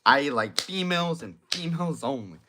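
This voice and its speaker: A man's voice: a little high, animated, moderate pace, pushed and bright, slight background noise. A young man, tipsy from drinking, rambling through a crude, slang-heavy late-night monologue and repeating his points. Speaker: vlogger.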